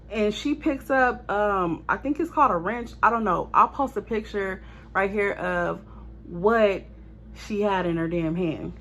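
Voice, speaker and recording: A woman telling a storytime vlog in a casual, animated and profane way, often talking straight to her viewers. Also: mid-range voice, slight background noise. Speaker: storytime vlogger.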